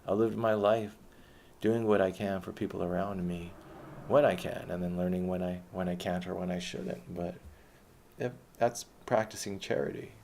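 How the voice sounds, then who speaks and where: A man's voice: low voice, steady tone, moderate pace, gravelly, darkish tone, a little hiss or hum. A man telling a personal story in a blunt, rambling way, retelling conversations as he goes.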